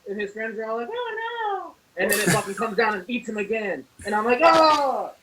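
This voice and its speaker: A man on a horror podcast telling childhood stories in casual chat, animated and full of profanity. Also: high-pitched, fast talker, crowd noise. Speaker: podcast co-host. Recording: distant mic with faint noise.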